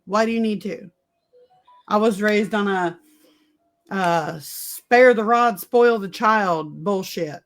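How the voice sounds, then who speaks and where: Candid storytelling middle-aged woman. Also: medium pitch. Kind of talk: casual chat.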